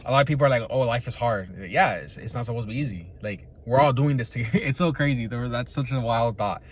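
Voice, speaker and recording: A young man hosts a podcast with faint music playing behind him. His mid-range voice moves quickly as he rambles in a relaxed, profane way, laughing a lot and ending thoughts with "right?".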